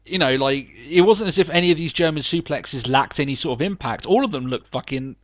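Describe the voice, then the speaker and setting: A man's voice: a little high, a little fast, a bit bright, no echo, muffled recording. A man co-hosting a podcast, chatting casually and emphatically, laughing often. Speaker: podcast co-host. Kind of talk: casual wrestling review chat.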